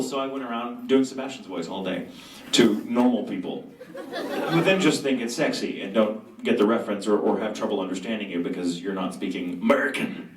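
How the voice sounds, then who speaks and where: A man speaking at a convention Q&A panel, telling stories in an animated, self-mocking way and acting out quotes. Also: fairly low pitch, a little fast, noisy background. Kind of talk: storytelling Q&A panel. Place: large convention hall. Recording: echoey convention hall from far off.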